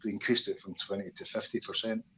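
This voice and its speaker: A Scottish man and army veteran, talking as an interview guest in a casual, animated storytelling way, swearing freely and acting out voices. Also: lowish voice, fast talker, a little hiss or hum, rough recording.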